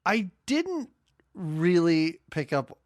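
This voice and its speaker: A man's voice: sits high, big pitch swings, drawn-out words, no echo, studio quality. A man co-hosting a movie podcast in casual, rambling chat, often breaking off and restarting mid-thought. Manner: rambling, self-interrupting. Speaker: podcast co-host.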